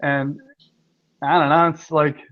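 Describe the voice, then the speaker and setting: A man's voice: fairly high pitch, flat delivery, takes it slowly. A man hosting a casual live-stream chat, rambling and swearing freely over a video call. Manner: profane, rambling. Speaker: host. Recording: dull lo-fi stream audio.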